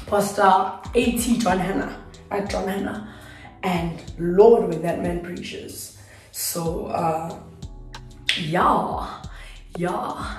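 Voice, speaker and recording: A young woman from South Africa chatting casually to her phone camera at home while getting ready, her voice hoarse and half gone, rambling and correcting herself with little laughs. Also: medium pitch. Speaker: YouTuber vlogging. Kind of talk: casual vlog chat to camera. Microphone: phone on a tripod.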